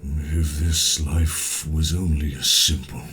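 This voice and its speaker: A man voicing a hulking grey male orc who speaks with slow, subdued regret to his brother. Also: very deep voice, steady tone, fairly bright tone, soft background music, exaggerated voice. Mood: regretful.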